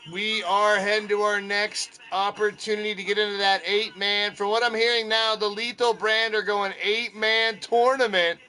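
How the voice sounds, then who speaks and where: A man doing loose, chatty commentary over a wrestling video game on a live stream, giving shout-outs to his chat. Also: high voice, level tone, moderate pace, hardly any pauses, soft background music. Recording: noisy game stream with background noise.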